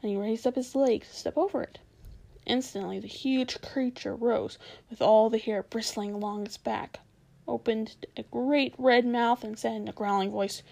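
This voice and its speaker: A woman reading a children's novel aloud in a measured, expressive way. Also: fairly high pitch, gravelly, low-quality recording. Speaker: storyteller.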